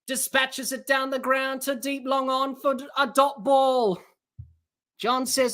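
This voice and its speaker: Bright-voiced woman doing excitable cricket commentary. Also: high-pitched, takes it slowly. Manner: excitable, bursts into shouting at big shots; reads out chat comments and chats to listeners. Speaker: cricket podcast host. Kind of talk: live watch-along sports commentary.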